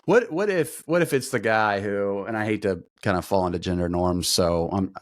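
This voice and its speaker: Low-voiced man hosting a podcast, dry sound. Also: normal speed, dry recording. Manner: chatty, self-deprecating, rambling questions. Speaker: podcast host. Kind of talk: casual podcast interview.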